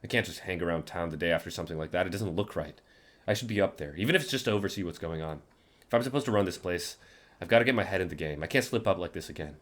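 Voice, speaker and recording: A man voicing a stern young woman in a game, speaking firmly and defensively in a low, quiet voice. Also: rapid-fire. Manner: firm, defensive. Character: stern young woman, hard-nosed town heir.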